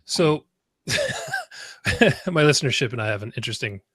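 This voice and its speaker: A man's voice: fairly high pitch, wildly swooping pitch, unhurried, fairly bright tone, breathy edge. An American man hosting a podcast, laid-back and casual, swearing and laughing along with his guest. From United States. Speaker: podcast host.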